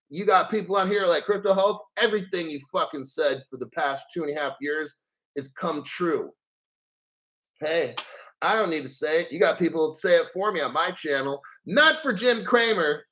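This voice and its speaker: A man's voice: high voice, pushed and bright, low-quality recording. A man hosting his crypto channel, ranting in a gleeful, mocking and profane way. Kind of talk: ranting vlog commentary.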